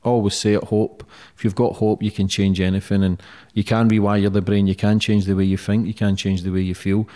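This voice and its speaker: A man's voice: lowish voice, level tone, brisk, mellow. Blunt, heartfelt man. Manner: blunt, heartfelt, swears freely. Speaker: podcast host. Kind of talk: casual interview chat.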